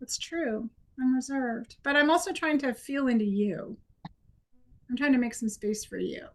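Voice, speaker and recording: In a training workshop, a woman instructor runs an improv exercise with a high voice at normal speed. She's encouraging and conversational, and she throws in playful demonstrations.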